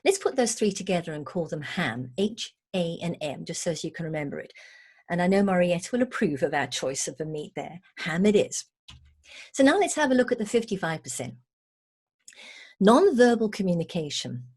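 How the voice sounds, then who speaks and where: A woman's voice: fairly low pitch, sing-song, normal speed, a little mellow, breathy edge. A woman communication trainer giving a recorded lesson, emphatic and playful in a teacherly way.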